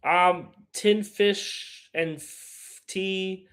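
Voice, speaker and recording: A man's voice: high voice, steady tone, very slow, a bit bright. A man hosting a casual live stream, rambling and opinionated as he reads chat aloud and answers it. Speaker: livestream host.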